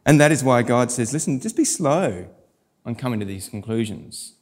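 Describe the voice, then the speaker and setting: A middle-aged pastor, preaching a sermon and telling stories with animated quoted voices. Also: male voice, medium pitch, normal speed.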